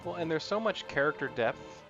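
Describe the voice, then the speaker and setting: A male co-host of a gaming stream talks through his thoughts in a halting, filler-heavy way. His audio is slightly muffled, with game music clear behind him. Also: on the high side, lively intonation. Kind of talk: casual gameplay chat.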